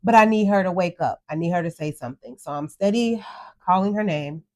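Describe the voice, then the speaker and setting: A middle-aged woman with a lowish voice speaks briskly on a podcast she co-hosts. Earnest and near tears, she narrates an emotional crash story and quotes her own words.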